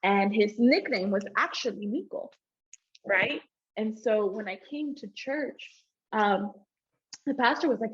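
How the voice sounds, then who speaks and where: A woman telling her personal testimony to a church group, animated and informal, acting out the dialogue she recalls and often speaking to the audience directly. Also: mid-range voice, a little slow, breathy edge, highs cut off. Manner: animated storytelling, acts out quoted dialogue, laughs often; informal, addresses audience as y'all and guys. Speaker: abuse counselor and youth mentor.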